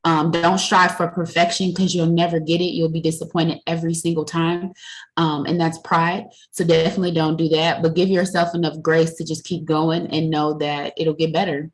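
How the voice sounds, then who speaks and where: Low-voiced woman giving a pep talk. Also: flat delivery, normal speed, poor audio. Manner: coaching, direct, repeats key points. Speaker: team member speaking on a group video call. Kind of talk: motivational business pep talk.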